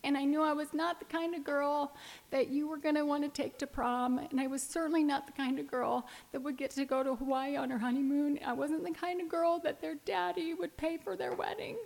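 A woman in her fifties speaks in a high voice as she tells her own story to a recovery meeting. She is candid and talks like a storyteller, often laughing her way through the emotional stretches. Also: fairly even intonation, brisk, gravelly, a little mellow. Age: 50s. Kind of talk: personal testimony talk.

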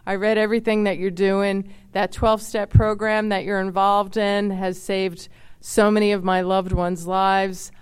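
A woman quoting a male governor in calm, formal praise, close to her own voice. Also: mid-range voice, a little slow, smooth, close to an everyday voice. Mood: approving. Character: a governor, a man, calm and approving.

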